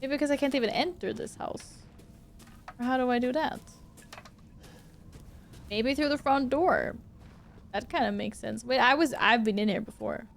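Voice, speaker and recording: Slight background noise accompanies a high-pitched, creaky-voiced woman speaking at a moderate pace with long pauses. A native Swedish speaker, she's live-streaming a horror game, cursing and exclaiming at it and chatting with viewers.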